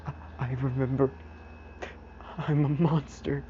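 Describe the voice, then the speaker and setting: A man's voice: mid-range voice, steady tone, brisk, dull audio, a little hiss or hum, lightly acted. A man voicing a frightened teenage boy who is ashamed of himself, speaking in small, broken, apologetic phrases.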